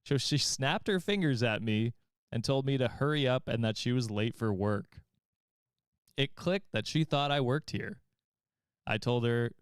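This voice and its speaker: A man with a smooth, clear voice reads a story aloud and then chats about it, laughing often as he goes. The sound is dry and close, with no room around it. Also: medium pitch, moderate pace, no room sound. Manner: laughs often while reading. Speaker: podcast host reading stories. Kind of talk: reading aloud and casual chat.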